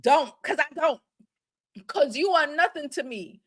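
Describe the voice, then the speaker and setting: A woman's voice: sits high, expressive, a little slow, a bit bright, no echo, clean studio sound, pitched above the performer's own voice. A woman voicing a belligerent young woman who speaks broken English and scolds demandingly.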